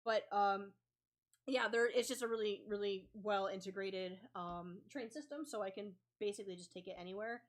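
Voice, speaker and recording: A woman's voice: medium pitch, normal speed. A young adult woman casually telling a story while drawing, rambling with lots of filler words. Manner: rambling, lots of ums and likes. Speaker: comic artist vlogger.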